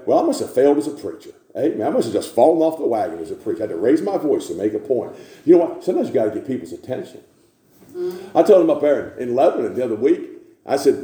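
A man preaching a sermon in a church, building to repeated shouted refrains. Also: medium pitch, sing-song, quick pace, roomy sound.

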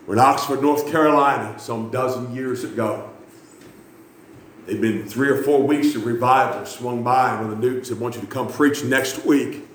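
A man preaching a revival sermon, moving from quiet storytelling to shouted, high-pitched fervor. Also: normal speed, slight background noise. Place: church. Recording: echoey church room.

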